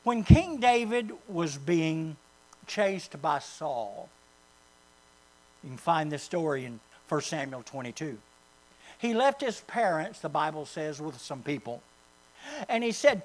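A pastor preaching a sermon, swinging from loud, rising calls to hushed, low asides, with mains hum behind. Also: male voice, very animated, measured pace, poor audio.

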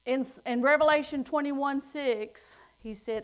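A middle-aged woman delivers a sermon in a high voice. She takes her time, drawing out the scripture lines and then pressing her points with emphatic force. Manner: slow, drawn-out scripture reading, rising to emphatic declarations. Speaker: preacher.

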